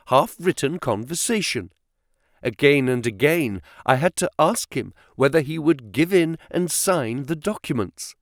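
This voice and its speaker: A male audiobook narrator reading a classic detective story in a measured, dramatic way. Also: mid-range voice, no room sound, studio quality.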